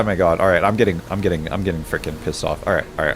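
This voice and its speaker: A man live-streaming games keeps blurting exasperated outbursts, swearing and restarting his sentences when flustered, and sometimes slips into low, mumbled reading of on-screen text. His tone stays steady while he talks at a racing pace.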